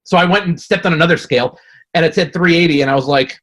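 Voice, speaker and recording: Husky male podcast guest, animated, foul-mouthed storyteller. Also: fairly high pitch, fast. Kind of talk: casual chat.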